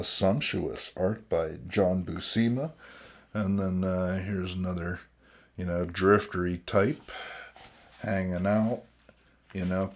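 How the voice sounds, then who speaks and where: A man hosting a casual, jokey review of old comics, full of sardonic asides and "you know what I mean.". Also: sits low. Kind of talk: casual comedic commentary.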